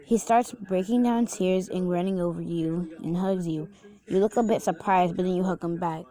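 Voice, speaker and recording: A woman's voice: lowish voice, fairly even intonation, moderate pace, dark tone. A young woman casually narrating a reader-insert fan story, unpolished and chatty, with asides to the listener.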